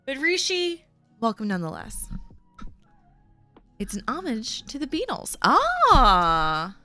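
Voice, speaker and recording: A young woman chats casually on a livestream from her home desk, heard through a webcam. Her voice sits a little high and sounds clear and bright. Her pitch swings widely as she jokes and coos at her cat. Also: sing-song, a little slow, faint music behind. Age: young adult. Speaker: livestream host.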